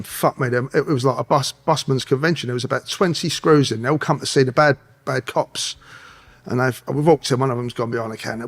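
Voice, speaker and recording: A middle-aged man telling a rambling, profanity-filled story as an interview guest. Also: mid-range voice. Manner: swearing, rambling, streetwise anecdotes. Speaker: guest, former police officer.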